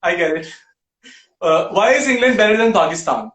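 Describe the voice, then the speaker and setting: A male host rattles off short questions at a brisk clip, teasing his guest along the way. His voice sits very high for a man, and the room rings around him. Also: lively intonation, a bit bright, reverberant. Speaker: talk show host. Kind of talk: quick-fire interview questions.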